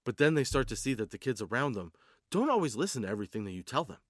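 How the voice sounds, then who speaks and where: A man's voice: mid-range voice, sing-song, fast talker, dry recording, studio quality. A man hosting a comedy podcast, rambling through a casual, profane stoner monologue. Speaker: podcast host. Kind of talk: comedic stand-up style monologue.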